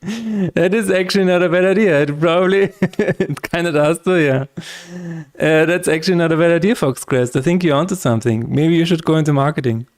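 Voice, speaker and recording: A man's voice: fairly high pitch, fairly quick. A man streaming his game-development work who chats casually, jokes and rambles through asides, laughing often. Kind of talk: casual live-stream chat while coding.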